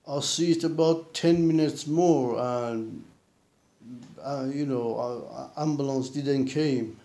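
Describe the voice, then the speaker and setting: A man recounting a personal experience in a halting way, with many restarts and repeated fillers. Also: mid-range voice, fairly even intonation, mellow. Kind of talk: casual spoken account. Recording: roomy echo.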